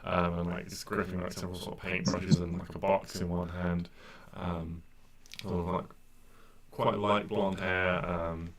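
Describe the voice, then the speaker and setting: Man, very low voice, game master, rambling narration, filler-heavy. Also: flat delivery, unhurried.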